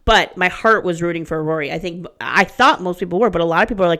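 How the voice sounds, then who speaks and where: A woman's voice: on the low side, fast. A woman in her thirties co-hosting a podcast, chatting casually and swearing freely as she tells stories. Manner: profane, animated storyteller. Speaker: podcast co-host. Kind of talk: casual chat.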